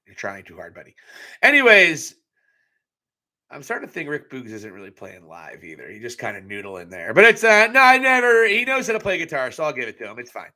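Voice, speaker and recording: Brief: young man, bright cutting tone, fairly high voice, blunt and crude wrestling-recap host, live casual chat. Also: wildly swooping pitch, fairly quick. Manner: blunt, profane, joking asides. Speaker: wrestling show reviewer.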